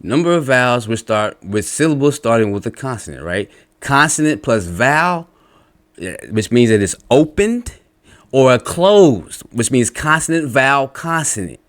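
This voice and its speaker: A man's voice: mid-range voice, expressive, normal speed. Blunt profane man ranting. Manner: lectures while reading out comments. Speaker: religious commentator. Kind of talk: angry reaction rant.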